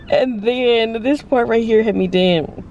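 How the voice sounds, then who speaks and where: Brief: young woman, book vlogger, hyped and slangy, laughs a lot, slightly high voice. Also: big pitch swings, takes it slowly, a little mellow, slight background noise. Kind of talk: casual reaction chat. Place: public place.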